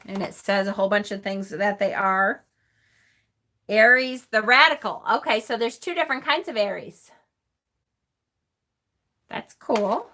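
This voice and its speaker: Bright-voiced woman chatting on a live stream. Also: mid-range voice, a little slow, pauses often. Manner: chatty, laughs often, reads aloud and answers chat. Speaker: host of a tarot channel. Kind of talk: casual live-stream chat.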